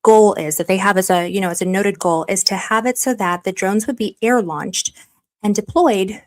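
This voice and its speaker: A woman talks through her theories on a live stream in a chatty, conversational way. She pauses on fillers while she thinks, then turns effusive as she thanks her viewers. Her voice sits at an ordinary middle pitch. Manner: hesitant with frequent fillers while reasoning. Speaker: livestream host. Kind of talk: live-streamed investigative commentary.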